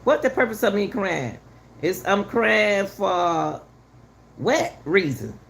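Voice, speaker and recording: Heated middle-aged lady talking straight to her viewers, kinda gravelly, repeats herself a lot. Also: mid-range voice, animated, takes it slowly, a little hiss or hum. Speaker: channel host commenting on a news case. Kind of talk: casual commentary.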